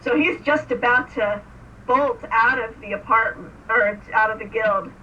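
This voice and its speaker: A woman's voice: on the high side, unhurried, pushed and bright, distant mic. A woman co-hosting a casual podcast, giggling as she retells a TV episode and acts out the characters' lines. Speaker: podcast co-host. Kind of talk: casual chat recapping a TV episode. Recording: dull lo-fi sound, faint hiss, a bit off-mic.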